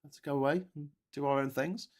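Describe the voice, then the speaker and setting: A show host with a fairly high, steady voice talks fast on his live news commentary stream. Sitting in his own show chair, he rambles, cracks jokes, and frequently corrects himself.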